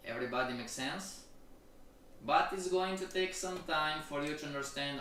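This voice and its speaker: A man teaching a trading course on a live-stream lecture, keeps checking in with the audience, slow and repetitive. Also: a little high, pushed and bright, a little hiss or hum. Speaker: trading instructor. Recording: very echoey room, voice from far off.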